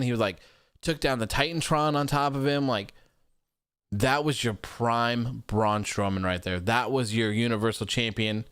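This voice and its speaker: A man's voice: medium pitch, a bit bright, smooth, no room sound. A man hosting a live stream, talking bluntly and opinionatedly into a studio microphone and reading viewer comments aloud. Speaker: host of a wrestling show. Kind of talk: live-stream casual chat.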